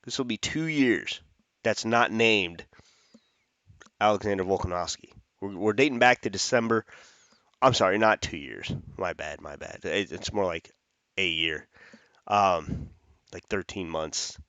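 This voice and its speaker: A man's voice: deep voice, unhurried, pauses often, fairly bright tone, no room sound. Chatty man breaking down fight picks. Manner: chatty, rambling with restarts and self-corrections. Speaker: MMA fight picks host. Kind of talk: casual fight prediction talk.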